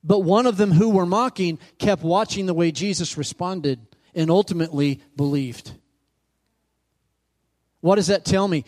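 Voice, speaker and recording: A high-pitched, faintly mellow male pastor preaches at normal speed. His sermon retells scripture, punctuated by questions called out to the congregation and mounting emphasis.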